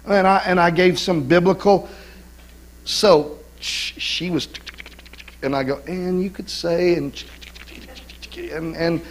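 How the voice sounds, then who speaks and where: Animated middle-aged male pastor preaching. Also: high-pitched, slow, long pauses, poor audio. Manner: animated preaching with call-and-response asides. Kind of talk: sermon. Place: church sanctuary.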